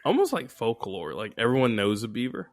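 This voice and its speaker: A man's voice: medium pitch, huge pitch swings, a little fast, dry recording, studio quality. A man co-hosting a podcast, chatting in an easygoing, agreeable way. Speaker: podcast co-host. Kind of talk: casual chat.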